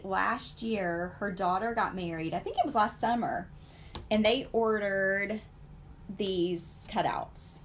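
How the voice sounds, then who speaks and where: A woman in her forties chats through a live painting stream, wandering from one aside to the next. Her mid-pitched voice has a gravelly, creaky edge. A faint hiss sits under the recording. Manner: chatty, rambling, full of fillers and asides to viewers. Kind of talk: casual live-stream chat while painting.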